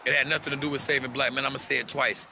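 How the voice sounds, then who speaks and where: A man's voice: mid-range voice, little pitch movement, very fast, gravelly, background noise. A man on a livestream, speaking to his viewers in an impassioned, profane rant and repeating himself for emphasis.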